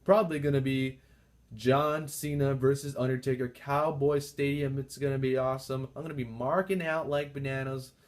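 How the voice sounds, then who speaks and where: A man's voice: medium pitch, normal speed. A young man giving a casual, rambling recap of a wrestling show, repeating himself often. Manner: excited, overjoyed shouting. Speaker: wrestling fan vlogger reviewing a show.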